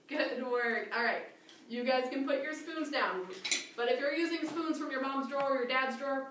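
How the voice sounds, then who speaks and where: A cheerful woman leading a children's storytime, coaxing little ones along with a high, very lively voice. She sits away from the mic in a strongly echoing room with a clear hiss underneath. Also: far from the mic. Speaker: children's librarian.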